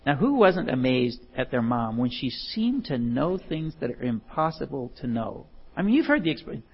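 A man's voice: mid-range voice, very animated, normal speed, breathy edge. A man giving a talk in a folksy, storytelling way, with chuckles and self-deprecating, rambling asides. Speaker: speaker giving a talk on love. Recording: dull lo-fi recording.

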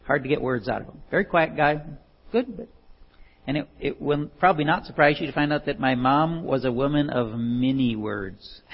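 A man gives a folksy talk on love, telling stories with chuckles and rambling, self-deprecating asides. His mid-range voice has vocal fry and a slightly rough texture, captured in a dull lo-fi recording.

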